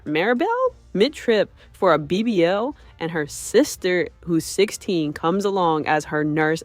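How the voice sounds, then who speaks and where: A woman's voice: lowish voice, no room sound. Enthusiastic woman reacting to clips. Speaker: reaction video host. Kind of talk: reaction commentary.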